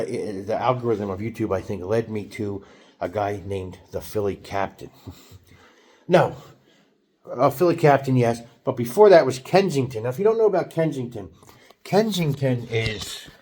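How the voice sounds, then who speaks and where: This vlogger is a man from South Jersey, in the United States, with a lowish voice, a darkish tone and a South Jersey accent. He rambles to the camera in a casual vlog, chuckling often and starting sentences over.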